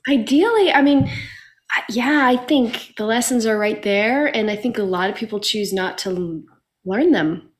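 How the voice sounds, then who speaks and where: A woman's voice: fairly high pitch, animated, normal speed. A woman guest in a casual conversation, speaking in a reflective, earnest and upbeat way.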